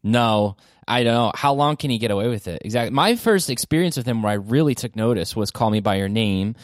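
Guy hosting a movie podcast, lively, voice jumps up high when excited, dry close sound. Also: fairly quick, no room sound. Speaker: podcast host. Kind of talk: casual movie chat.

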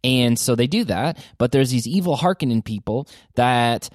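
Guy hosting a movie podcast, lively, voice jumps up high when excited, dry close sound. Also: normal speed, no room sound. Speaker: podcast host. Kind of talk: casual movie chat.

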